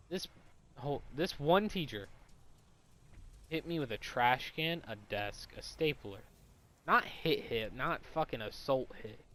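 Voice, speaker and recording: A man's voice: medium pitch, fairly bright tone, slight background noise. A young adult man telling a personal story in a casual, rambling, heavily profane way.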